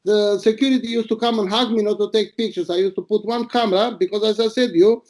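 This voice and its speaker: Blunt, crude, high-voiced man from Albania. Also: steady tone, fast talker, a little mellow. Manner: blunt, crude, boastful, rambling. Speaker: retired paparazzo. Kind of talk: casual interview storytelling.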